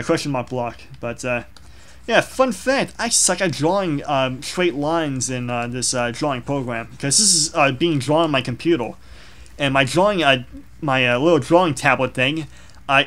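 A man's voice: medium pitch, fairly bright tone. A young man casually talking through his own digital drawing, rambling and self-deprecating, with many fillers. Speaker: drawing vlogger. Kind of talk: casual commentary over a drawing.

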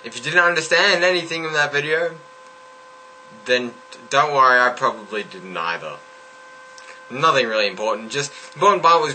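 A young man in a casual vlog, talking in a low-key, mumbling way with deadpan asides. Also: moderate pace, slight background noise, low-quality recording. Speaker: vlogger, regular of a group channel.

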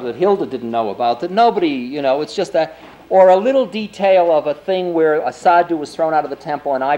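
A man's voice: a little high, a little mellow, poor audio. Man telling a story at a lecture. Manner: loose, conversational, full of "you know" and "I mean". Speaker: spiritual teacher giving a lecture. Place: lecture before an audience.

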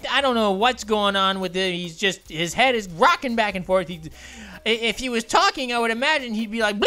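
A woman giving excitable, giggly let's play commentary, often apologizing to game characters. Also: fairly high pitch. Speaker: gaming channel host.

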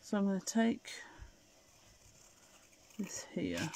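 Hosting a live craft demo, a middle-aged woman from Scotland with an English accent chats with viewers and answers their comments as she works. Her mid-range voice swoops wildly in pitch and is creaky and a little mellow. She takes things slowly.

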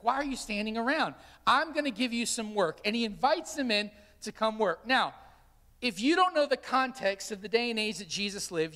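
Pastor preaching in a reverberant church. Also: medium pitch. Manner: animated storyteller, acting out quotes. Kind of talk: sermon with storytelling. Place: church sanctuary.

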